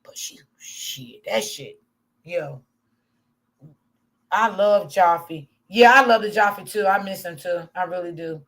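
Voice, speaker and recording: A woman's voice: fairly low pitch, takes it slowly, long pauses, a bit bright. A woman hosting a casual livestream, talking candidly to her chat, swearing freely and laughing often. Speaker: livestream commentary host.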